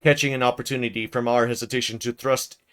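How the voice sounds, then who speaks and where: Man, streamer, novel narration, casual chat asides, mid pitch, smooth clear voice. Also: quick pace. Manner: casual, chatty asides between even-paced reading. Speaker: streamer reading a novel aloud.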